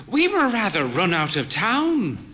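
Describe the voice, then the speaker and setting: A man voicing a frail, proud elderly woman who speaks in a dramatic, drawn-out, grandly affected way. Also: sits high, huge pitch swings, sharp tone, pitched above the performer's own voice, full character voice. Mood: theatrical.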